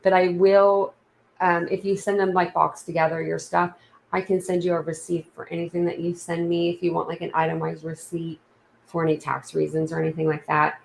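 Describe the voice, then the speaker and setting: A woman's voice: fairly low pitch, flat delivery, fairly quick, creaky, reverberant, slight background noise, low-quality recording. A woman with a Southern accent hosting a casual livestream from home, rambling and chatty with lots of fillers. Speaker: livestream host. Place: room at home.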